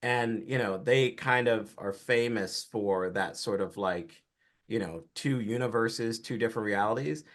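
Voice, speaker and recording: A film director from Georgia, a man, giving relaxed, explanatory interview answers about his career and work. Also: lowish voice, a little slow. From Atlanta, Georgia, US.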